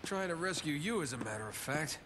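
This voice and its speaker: A young adventurer in a video game answers threats with dry sarcasm, as an actor plays him. His voice sits a bit high and moves lively. Loud game noise fills the background. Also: a little fast, natural voice. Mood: wry. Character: wry young male treasure hunter, sarcastic.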